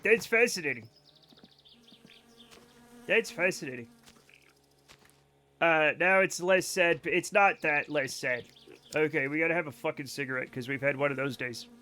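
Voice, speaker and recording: A man's voice: fairly high pitch, sharp tone. A young American man streaming a game, chatting casually and answering his chat with jokes.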